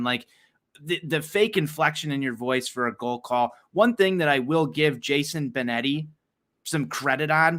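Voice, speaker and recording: A man's voice: medium pitch, pushed and bright. A man co-hosting a sports podcast, ranting passionately and heatedly, swearing freely and restarting his sentences as he goes. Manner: long run-on rants with repeated restarts. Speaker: podcast co-host. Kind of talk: casual sports talk rant.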